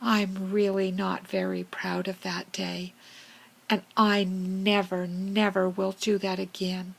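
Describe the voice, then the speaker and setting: A woman voicing a friendly, vain female fox who tells a children's story in a whispered role-play, with a slow, breathy manner. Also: mid-range voice, level tone, low-quality recording. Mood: earnest.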